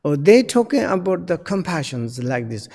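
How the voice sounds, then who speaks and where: A man giving a Dharma teaching in halting, non-native English. He pauses often with fillers while searching for words. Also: high-pitched, sing-song, a little mellow, long reverb tail. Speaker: Buddhist teacher.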